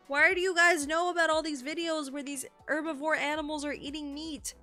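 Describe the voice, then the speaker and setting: A young woman streaming, who reads entries aloud calmly and breaks into shocked, swearing exclamations. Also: high voice, quick pace, hardly any pauses, soft background music. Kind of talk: live-stream reaction and reading aloud.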